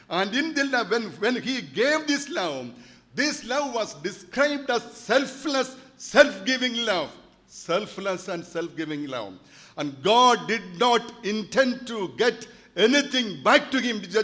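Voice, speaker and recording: High-voiced pastor in his sixties. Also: fairly bright tone. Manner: earnest, repeats key phrases for emphasis. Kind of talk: sermon. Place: church.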